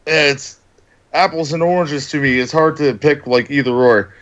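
A man's voice: fairly high pitch, moderate pace, fairly bright tone, muffled recording. A man co-hosting a podcast in casual chat, joking with crude wisecracks. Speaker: podcast co-host.

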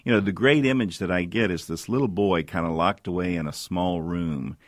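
Deep gravelly guy talking faith and recovery, dry close sound. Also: brisk, dry recording. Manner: earnest, animated storytelling. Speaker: co-host, recovery ministry leader. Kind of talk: faith-based recovery talk.

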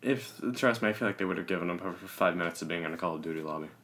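Deep-voiced man cracking jokes. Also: fairly bright tone. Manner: wisecracking, quick jokey asides. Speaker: podcast co-host. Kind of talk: casual chat.

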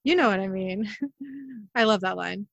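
A woman's voice: medium pitch, unhurried, vocal fry, no echo. Woman, casual recap host, chatty narration, dry lo-fi recording. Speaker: podcast host.

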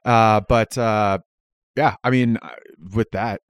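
A man's voice: fairly low pitch, fairly even intonation, slow pace, clear, resonant tone, no room sound, studio quality. A man co-hosting a podcast, talking casually with many fillers and laughs. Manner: hesitant, laughing, full of fillers. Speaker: podcast co-host. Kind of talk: casual chat.

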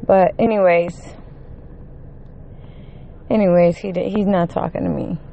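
A woman in the middle of a furious vlog rant, cursing in almost every line and pushing her voice up into shouts at the worst of it. She is running on one hour of sleep, so a worn, tired edge sits under the anger. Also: lowish voice, steady tone, a little slow, creaky, lo-fi sound. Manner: heated, swearing constantly, rising to shouts. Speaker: vlogger. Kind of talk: angry profane rant to camera.

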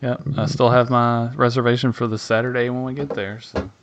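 A man's voice: mid-range voice, little pitch movement, brisk. A man from Tennessee, co-hosting a podcast in casual chat, rambling with lots of fillers. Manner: rambling, hesitant with many fillers. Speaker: podcast co-host.

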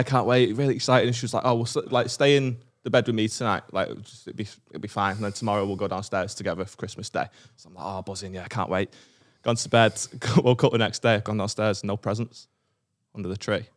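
A man's voice: lowish voice, fast talker. A man telling a childhood story on a comedy podcast, self-mocking, swearing and laughing. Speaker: podcast co-host.

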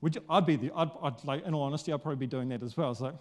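A male pastor preaching a sermon in a casual, conversational, animated way, acting out quotes. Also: fairly high pitch, racing.

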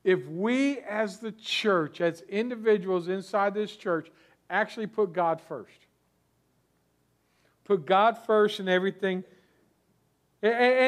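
Man, pastor, sermon, high voice, chatty asides and restarts. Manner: conversational preaching, frequent restarts and asides.

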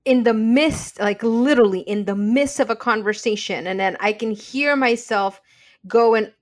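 A woman's voice: on the high side, normal speed. Reflective woman in casual chat. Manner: reflective, thoughtful. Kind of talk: casual conversation.

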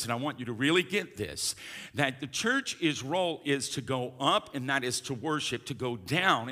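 A man's voice: medium pitch, bright, forceful tone. A middle-aged man, a pastor preaching a sermon, emphatic and calling for responses from the congregation. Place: church sanctuary. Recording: long reverb of a large hall.

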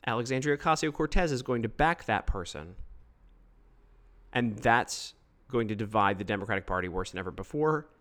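A man giving opinionated solo political commentary, emphatic and quick to mock others. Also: fairly low pitch. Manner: emphatic, animated, mocking quoted voices.

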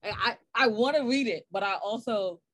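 A woman's voice: fairly high pitch, normal speed, no echo, rough recording. A woman guest on a podcast, telling stories in a casual, laughing way and acting out the voices of the people in them. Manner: laughing, animated storyteller acting out dialogue. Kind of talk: casual storytelling chat.

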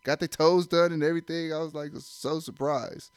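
A man's voice: on the high side, steady tone, normal speed, smooth, dry recording. A young man in casual chat, telling a loose, slangy story with plenty of profanity. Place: indoor room.

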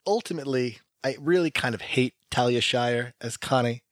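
A man co-hosting a casual movie chat, animated and mimicking actors in silly voices. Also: mid-range voice, moderate pace. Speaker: podcast co-host.

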